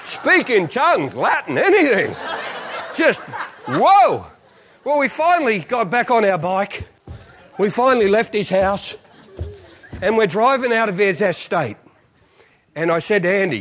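Man, pastor, comic sermon, self-mocking, laughing, lively pitch. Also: normal speed, pauses often. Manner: animated, self-mocking, laughs through lines.

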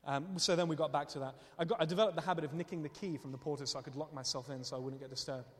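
High-voiced man preaching in a hall. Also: rapid-fire. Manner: animated, laughs often while telling stories. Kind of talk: sermon with storytelling. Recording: long reverb of a hall.

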